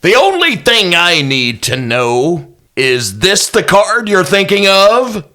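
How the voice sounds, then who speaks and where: A man's voice: sits high, very animated, takes it slowly, bright, forceful tone, voice pushed up, exaggerated voice. A man voicing a showy male stage magician and action hero with theatrical showman patter.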